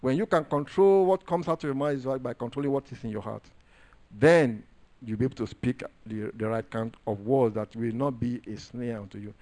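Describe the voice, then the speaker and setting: A man's voice: mid-range voice, normal speed, dark tone. A man preaching a sermon, emphatic and repetitive, stressing key phrases as he works through scripture. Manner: repeats phrases while working through scripture.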